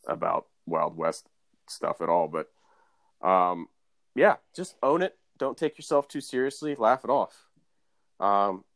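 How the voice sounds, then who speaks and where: Animated young man on a podcast. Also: low-pitched, no echo. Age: young adult. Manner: rambling, joking, animated. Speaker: podcast co-host. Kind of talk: casual podcast chat.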